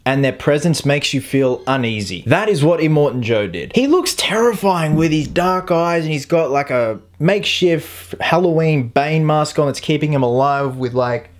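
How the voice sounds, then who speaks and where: A man's voice: a little high, animated, moderate pace, few pauses. A man giving a casual, enthusiastic and profane film review vlog on a cheap taped-up microphone.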